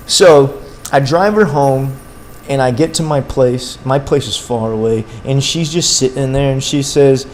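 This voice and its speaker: A man's voice: medium pitch, moderate pace, a little hiss or hum. A young man streaming a game and telling a long story in a rambling, slangy way, with many fillers and restarts. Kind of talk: casual livestream storytelling.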